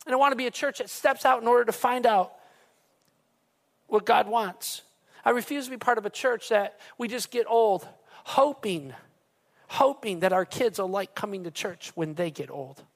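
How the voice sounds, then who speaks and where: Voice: medium pitch, normal speed, creaky. A pastor preaching a sermon in an emphatic way, talking straight to the congregation and repeating phrases for weight.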